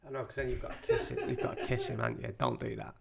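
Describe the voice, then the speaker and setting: A man's voice: medium pitch, wildly swooping pitch, racing, gravelly, crowd noise. A British man co-hosting a podcast, giving blunt, jokey advice in casual chat. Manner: blunt, jokey, laughing asides.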